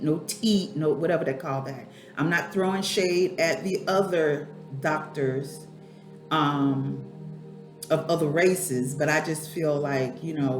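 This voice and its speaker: Teary woman in an echoey room. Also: low-pitched. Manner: candid, rambling, talks to herself by name. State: teary, eyes watering. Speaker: spiritual life coach and vlogger. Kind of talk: emotional personal vlog. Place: home room at a computer.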